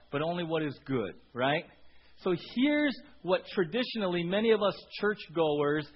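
A man with a high, husky voice preaches to his congregation, often pausing to ask them questions and answering himself. The audio is dull and lo-fi. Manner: asks the congregation rhetorical questions. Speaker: pastor. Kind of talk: sermon.

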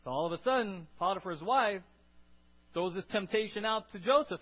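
A man preaching a sermon to his congregation, asking them questions and building to loud, emphatic peaks. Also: high-pitched, moderate pace, highs cut off. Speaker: pastor.

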